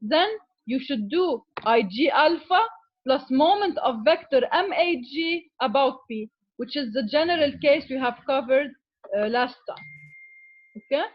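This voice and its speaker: A woman's voice: high-pitched, expressive, measured pace, highs cut off. A woman giving a classroom lecture as an engineering teacher, explaining step by step and often checking in with "okay?". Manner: switches to Arabic with students.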